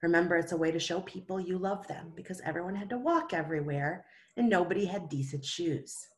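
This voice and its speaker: A woman with a slightly low voice leads a Sunday school lesson. She tells a Bible story to children in a gentle, patient way, pausing often to ask them questions.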